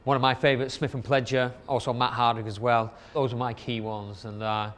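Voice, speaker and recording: A man's voice: mid-range voice, flat delivery, fairly quick, fairly bright tone. A middle-aged man, chatting casually through a countdown, rambling with fillers. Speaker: club night promoter.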